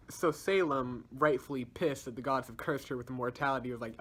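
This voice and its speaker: A man's voice: mid-range voice, fairly quick, fairly bright tone. A young man reviewer giving a casual, slangy story recap, laughing often as he tells it. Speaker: video reviewer.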